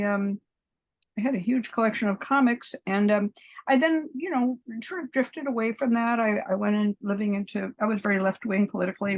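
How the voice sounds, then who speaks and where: A woman in her seventies, a podcast guest, telling long rambling stories and acting out the people in them, often laughing. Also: mid-range voice. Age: 70s. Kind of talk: long anecdotal interview storytelling.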